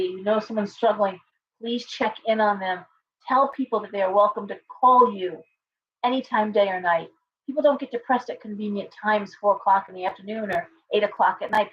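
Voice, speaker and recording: A woman's voice: medium pitch, dull audio. Earnest rambling woman livestream host. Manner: rambling, reading viewer comments aloud; earnest, with many fillers and restarts. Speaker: livestream host and tarot reader. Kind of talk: casual live-stream chat.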